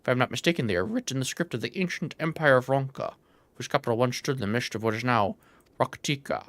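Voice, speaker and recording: A man's voice: mid-range voice, fast, fairly bright tone, no echo, close to an everyday voice. A man reading aloud the lines of a solemn male elf scholar who speaks in old-fashioned formal phrases. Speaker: streamer reading game dialogue.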